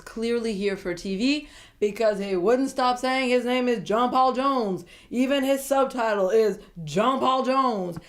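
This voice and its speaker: A woman recapping a reality dating show in a casual, chatty way, animated and gossipy, often breaking into giggles. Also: a little high.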